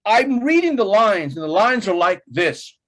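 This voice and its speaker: A middle-aged man telling a story with plenty of energy, his pitch leaping around as he talks. He laughs often and jumps into a much higher voice when he quotes people. It comes across as loose, animated conversation as an interview guest. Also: a little slow.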